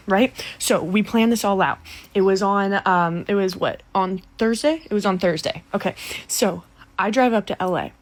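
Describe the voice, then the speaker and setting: A young woman telling a story in a casual, animated, profane way, acting out the other people's voices. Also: medium pitch, normal speed.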